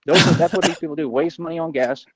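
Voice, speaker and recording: A man's voice: fairly high pitch, fast talker, no room sound, poor audio. A man on a livestream ranting in a boastful, confrontational, rambling way.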